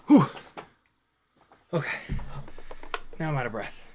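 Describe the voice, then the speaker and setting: A man with a slightly high voice gives excitable running commentary while flying a small drone around a house. He exclaims and groans at near misses, then settles into casual chat answering viewers. A faint hum of room ambience sits underneath. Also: measured pace, long pauses. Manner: excitable, swears and exclaims mid-flight. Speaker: FPV drone streamer. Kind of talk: live-stream flying commentary and Q&A. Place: house, indoors.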